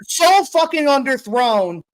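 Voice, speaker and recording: A woman co-hosts a casual sports podcast and rants in an exasperated, profane way. Her voice sits a little higher than most women's. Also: sing-song, slow pace. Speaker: podcast co-host.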